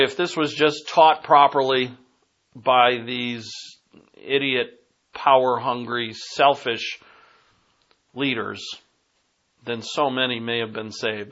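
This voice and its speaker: A man's voice: medium pitch, fairly bright tone, highs cut off. Emphatic Boston-accented man teaching scripture. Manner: emphatic, digressive, rising to punch key phrases. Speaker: Bible teacher. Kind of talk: sermon.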